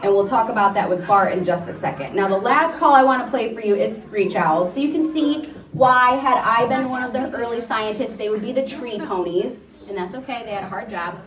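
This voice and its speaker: A chatty woman nature educator talks lightly and playfully to a live group. Her voice sits a little high. She sounds far from the mic, in a room with a clear echo. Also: fairly quick, few pauses. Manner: chatty and playful, imitating bird calls. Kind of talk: live educational talk to an audience. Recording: echoey room, distant mic.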